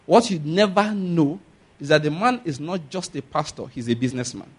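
A man's voice: a little high, fairly quick. A man preaching a sermon as a pastor, emphatic and often asking the congregation for an amen. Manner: emphatic, asks the congregation for amens.

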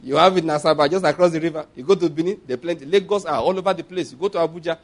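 A man's voice: fairly high pitch, very fast. A man with a Nigerian accent preaching a sermon in a conversational way, asking the congregation for responses and laughing at his own asides.

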